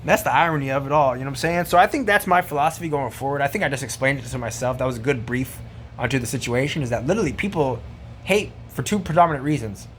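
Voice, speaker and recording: A vlogger speaks to camera in a mid-range voice, talking fast as he rants casually. He rambles, swears, and uses lots of slang and fillers, saying "bro" a lot. A little hiss or hum is present.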